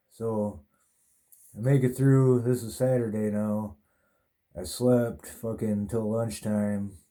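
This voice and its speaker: A man's voice: on the low side, mellow. A man hosting a podcast, telling a long, rambling personal story in a laid-back way, full of swearing and fillers. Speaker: podcast host.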